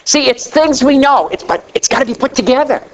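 A middle-aged man preaching a sermon, telling a story with animated delivery that swings between loud emphasis and quiet asides. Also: fairly quick, slight background noise, rough recording. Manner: animated storytelling preacher, rising to a near shout then dropping low.

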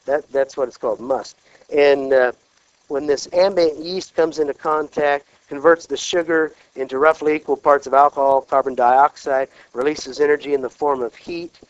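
A man's voice: fairly high pitch, normal speed, no room sound, muffled recording. A man from Kansas preaching a sermon, often checking in with his listeners through rhetorical questions. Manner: animated, peppered with rhetorical check-ins.

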